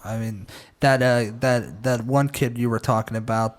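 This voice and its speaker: A man's voice: mid-range voice, steady tone, moderate pace. A man with an American Midwestern accent, co-hosting a crude, joking casual chat. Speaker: co-host.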